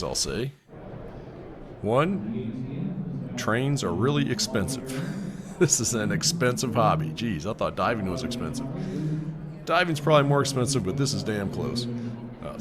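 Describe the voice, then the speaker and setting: Rambling low-voiced man, chuckling vlogger. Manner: rambling, chuckling, thinks aloud with fillers. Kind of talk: casual voice-over commentary.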